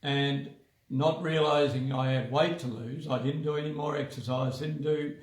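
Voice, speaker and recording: A man's voice: medium pitch, steady tone, normal speed. A man in a casual health chat, easygoing and repeating words as he starts. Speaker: wellness centre co-host. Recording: echoey room.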